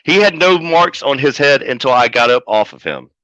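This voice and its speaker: A man who manages pro wrestlers, telling a story as a podcast guest in a profane, animated way. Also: medium pitch, normal speed, no room sound. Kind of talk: casual storytelling. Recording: dull lo-fi audio.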